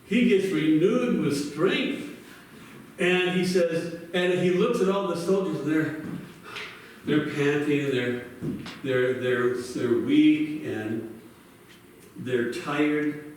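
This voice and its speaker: A man's voice: a little high, slow pace, pauses often, very echoey, recorded from a distance, a little hiss or hum, poor audio. A male pastor telling a Bible story in a sermon, acting out the characters' lines with animation.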